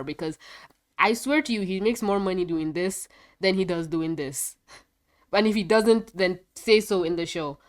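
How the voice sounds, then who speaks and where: A woman with a congested voice chatting through a casual video review, rambling and quick to laugh. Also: fairly low pitch. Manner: a bit foggy and scattered. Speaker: show reviewer.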